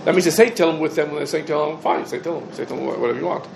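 A man's voice: on the high side, rapid-fire, creaky, background noise. Man teaching an informal halacha class. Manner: rhetorical questions answered himself, dense with Hebrew terms. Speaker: Torah teacher.

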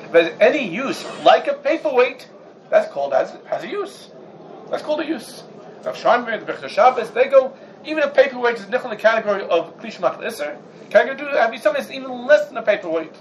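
High-voiced man giving a Talmudic lecture. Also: slight background noise, poor audio. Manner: animated, rhetorical questions, mixes Hebrew and Yiddish terms. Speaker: Torah class teacher.

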